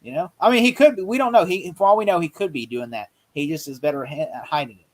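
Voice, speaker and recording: A man co-hosting a casual movie review chat, rambling excitedly and acting out quotes. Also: a little high, quick pace, rough recording. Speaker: podcast co-host.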